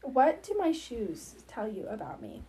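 A woman's voice: fairly high pitch, huge pitch swings, measured pace, dark tone. A young woman co-hosting a podcast in casual chat, giggling and teasing often. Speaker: podcast co-host.

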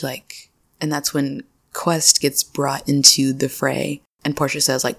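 A woman's voice: low voice, slow pace, vocal fry, slightly rough. A young adult woman hosting a solo podcast, recapping casually, chatty and laughing often as she quotes characters. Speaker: podcast host.

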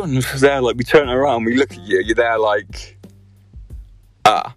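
A man's voice: mid-range voice, normal speed, pauses often, faint music behind. Swearing young man telling a story. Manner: swears constantly, animated and laughing. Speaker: podcast host. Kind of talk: casual storytelling chat.

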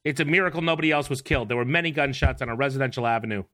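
A man's voice: mid-range voice, very fast, pushed and bright. A man co-hosting a podcast, reading old news stories aloud in a casual, jokey way with laughing asides. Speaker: podcast co-host.

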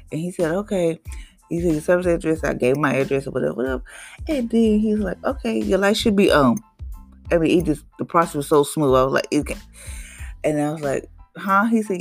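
A mother in casual personal testimony, telling an animated story and acting out the voices of others. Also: sits low, gravelly.

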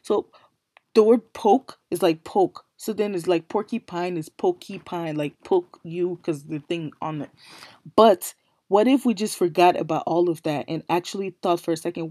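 A woman's voice: fairly low pitch, normal speed, warm tone, no echo, studio quality. A woman hosting a casual solo podcast, English not her first language, rambling through puzzled questions with many fillers. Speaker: podcast host.

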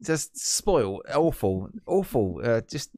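A man's voice: medium pitch, sing-song, slow, dry recording, clean studio sound. Opinionated British man ranting on a podcast. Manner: opinionated, rants loudly and repeats himself. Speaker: podcast co-host. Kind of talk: casual wrestling podcast chat.

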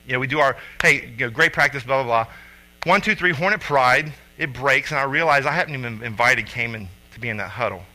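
A man in his thirties, a father and youth coach, telling a personal story with lively acted-out quotes. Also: mid-range voice, a little fast, low-quality recording. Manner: animated storyteller acting out quotes loudly.

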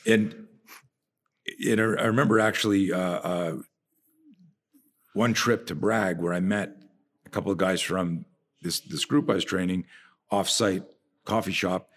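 A man with a deep, husky voice tells stories at a measured pace, pausing often. He's a podcast guest who trains people in fear management and martial arts, and he narrates animatedly in a conversational style, trailing off and restarting his sentences.

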